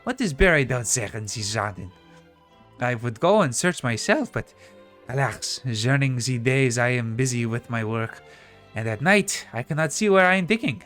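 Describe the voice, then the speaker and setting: A man's voice: mid-range voice, sing-song, slow, few pauses, faint music behind. A man doing a refined French vice principal. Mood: confiding. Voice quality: put-on French accent with French words. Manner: refined, confiding. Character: snooty vice principal woman, curious, refined.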